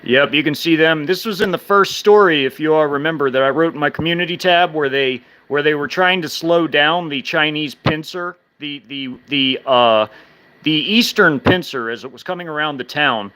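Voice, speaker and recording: A man in his thirties chatting casually with viewers on a live stream, halting, with many restarts, fillers, and speech that slurs when he talks fast. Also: a little high, bright, forceful tone.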